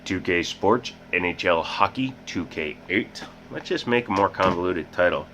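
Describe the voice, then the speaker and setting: Low-voiced man chatting casually. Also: animated, normal speed. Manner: rambling, self-mocking, joking asides. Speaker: host. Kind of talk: casual game collection vlog. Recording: muffled with loud background hiss.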